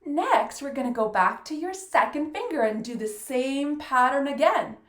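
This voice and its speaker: A woman's voice: high-pitched, lively intonation, normal speed, a bit bright, reverberant. A woman teaching a fiddle lesson, patiently counting beats aloud and praising often. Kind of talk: encouraging music lesson.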